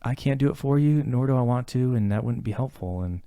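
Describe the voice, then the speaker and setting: A man's voice: mid-range voice, a little fast, mellow, clean tone, no room sound, clean studio sound. A man co-hosting a podcast, talking in an earnest, reflective way with many fillers and restarts. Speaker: podcast co-host. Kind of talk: casual podcast conversation.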